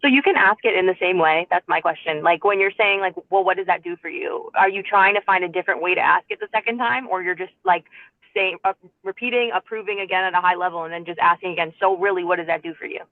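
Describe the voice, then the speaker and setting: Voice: mid-range voice, quick pace, dry recording. A participant asking a thoughtful question about coaching technique. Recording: tinny phone-like line.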